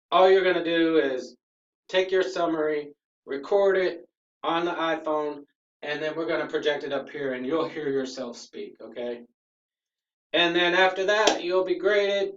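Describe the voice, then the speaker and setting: A man's voice: a little high, normal speed, fairly bright tone. A male teacher with a slightly raised voice, walking his class through a lesson and checking in with "okay?". The sound is roomy and distant, picked up from across the space. The recording itself is a bit dull. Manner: patient, checks in with frequent "okay?".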